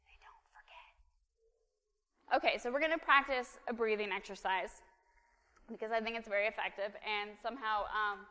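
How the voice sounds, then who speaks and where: Chatty woman preaching in a reverberant church. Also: medium pitch. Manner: informal, chatty, with many fillers; soft counting during breathing. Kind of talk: sermon with guided breathing exercise.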